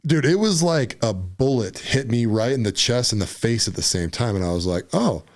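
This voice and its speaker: A man from Utah, a podcast guest, telling a personal story in a casual, animated way, often saying "dude" and "right?". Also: medium pitch, normal speed.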